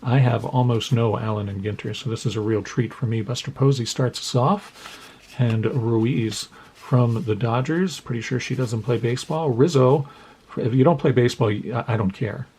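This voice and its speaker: A man's voice: medium pitch, moderate pace, darkish tone, a little hiss or hum. A man casually opening a mail-day package of trading cards, reading off player names one by one and making playful asides to the cards. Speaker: card collecting YouTuber.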